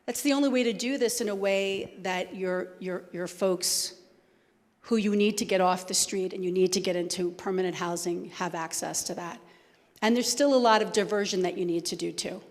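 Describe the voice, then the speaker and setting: Guest speaker, woman, New Jersey accent, quick and conversational, in a reverberant hall. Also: on the low side. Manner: fast-talking, conversational. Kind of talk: talk with audience questions. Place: church hall.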